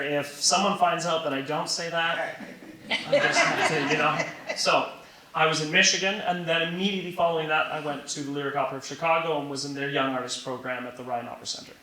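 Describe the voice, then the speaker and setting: Animated young man in an echoey room. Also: on the high side, brisk, crowd noise. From Canada. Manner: animated storyteller who laughs while telling anecdotes. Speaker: opera singer, interview guest. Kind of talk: conversational interview. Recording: echoey room with faint hiss.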